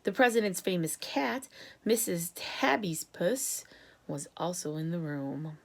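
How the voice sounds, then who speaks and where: A woman teacher reading a chapter book aloud to children, in a lively and expressive way. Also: fairly low pitch, a little slow, vocal fry.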